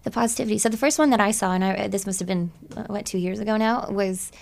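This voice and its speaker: A woman's voice: mid-range voice, fast, creaky. A woman hosting a podcast, chatty and encouraging, who laughs often in casual conversation. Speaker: podcast host. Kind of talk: casual chat.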